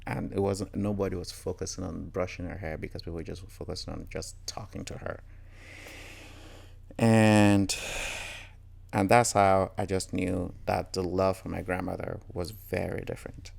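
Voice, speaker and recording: A man's voice: low voice, steady tone, moderate pace, vocal fry, darkish tone. A man telling reflective personal stories candidly and earnestly, often quoting what others said to him. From Nigeria. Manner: candid, earnest, quotes others in reported speech. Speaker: storyteller.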